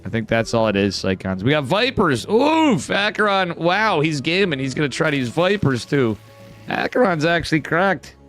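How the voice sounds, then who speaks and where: Casual upstate New York caster. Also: male voice, mid-range voice, normal speed, soft background music. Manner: casual, swears, bursts of excitement. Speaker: esports caster. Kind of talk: live game commentary.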